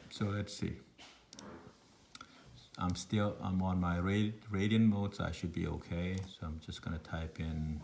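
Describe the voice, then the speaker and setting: A man's voice: sits low, flat delivery, measured pace, vocal fry, darkish tone, a little hiss or hum. A man from Laos with a thick Lao accent, a math teacher thinking aloud through a recorded online lesson with meandering, self-deprecating asides.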